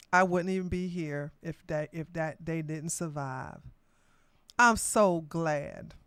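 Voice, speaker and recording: A woman hosts a political podcast in a bright, smooth voice. She is emphatic and blunt, laughing often and using slang. Her delivery is slow and drawn out, recorded dry and close. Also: lowish voice, no room sound. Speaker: podcast host.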